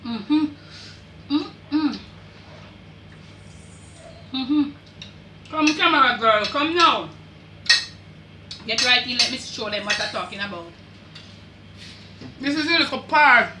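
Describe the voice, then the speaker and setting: A woman's voice: high voice, animated, takes it slowly, long pauses, pushed and bright, roomy sound, a little hiss or hum. An older woman with a Jamaican accent hosting a home cooking demonstration, chatty and full of patois asides as she directs the camera. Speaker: cooking channel host. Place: home kitchen.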